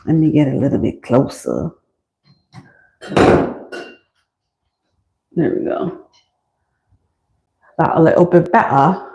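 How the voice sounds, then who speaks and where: Low, gravelly woman chatting with viewers. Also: big pitch swings, slow pace, long pauses, warm tone, rough recording. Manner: chatty, answers chat comments while working. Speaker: livestream host styling a wig. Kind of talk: casual chat with live viewers. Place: small warm washroom indoors. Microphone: phone camera.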